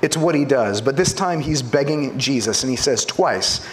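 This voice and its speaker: Animated preaching man, lively pitch. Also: moderate pace, few pauses, a little hiss or hum. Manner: animated preaching, rhetorical questions, swings between loud and hushed. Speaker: pastor. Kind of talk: sermon.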